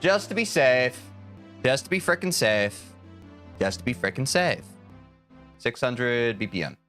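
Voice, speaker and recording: A man's voice: medium pitch, big pitch swings, unhurried, fairly bright tone, faint music behind. A young man streaming a speedrun, chatting casually with his viewers, answering their messages and swearing freely. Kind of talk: casual live-stream chat while playing.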